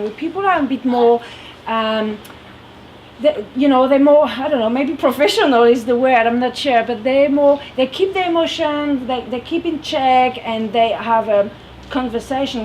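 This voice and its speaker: High-voiced French woman in a noisy room. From France. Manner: lively, laughing, expressive. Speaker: guest speaker at a youth group. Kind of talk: casual talk to a youth audience.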